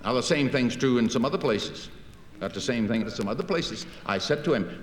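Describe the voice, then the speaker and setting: A public speaker with a medium-pitched voice talks animatedly and fairly quickly, telling folksy stories and acting out the conversations in them. The recording comes from an echoey hall and carries a faint hiss.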